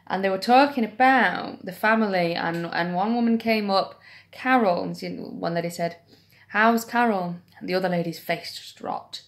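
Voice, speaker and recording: A woman's voice: mid-range voice, normal speed. A young woman vlogging, telling an anecdote in a chatty, self-deprecating way. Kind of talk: casual storytelling to camera.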